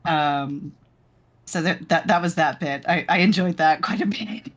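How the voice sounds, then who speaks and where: A woman's voice: on the low side, unhurried. A woman player giving a rambling, casual recap of a tabletop game, with many fillers. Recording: dull lo-fi sound.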